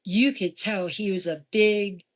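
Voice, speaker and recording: A woman, probably in her forties, casually recounting her experiences in a haunted house, animated and lively when she quotes other people. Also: a little slow. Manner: animated, jumping in pitch for quoted voices. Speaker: guest. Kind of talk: casual storytelling.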